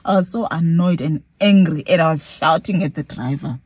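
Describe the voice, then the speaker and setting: Young woman, Xhosa accent, husky, fairly low voice, lively casual storytelling vlog. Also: moderate pace, no room sound. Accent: South African, Xhosa-speaking. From South Africa. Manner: animated, switching between English and Xhosa, acting out her own reactions. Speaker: vlogger.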